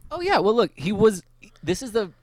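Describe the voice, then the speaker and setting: A male podcast host chatting casually about a TV episode, laughing often and filling pauses with "um.". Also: high voice, sing-song, dry recording. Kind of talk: casual chat recapping a TV episode.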